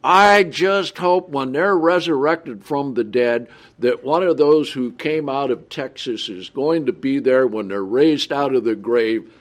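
A man preaching a Bible study sermon, reading scripture aloud slowly and adding his own comments. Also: mid-range voice. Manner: often checks in with the listeners.

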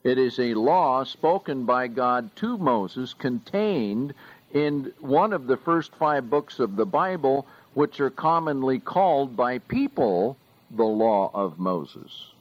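A male preacher delivering a sermon in a slow, deliberate way, leaning on each word of the scripture he reads. His voice sits at a middling pitch, and the recording sounds dull and lo-fi. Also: expressive.

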